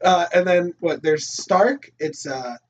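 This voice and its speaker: A man co-hosting a casual movie discussion podcast, animated and laughing often as he acts out lines from the film. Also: sits high, slow, a little hiss or hum. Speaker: podcast co-host. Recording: distant, dull lo-fi recording.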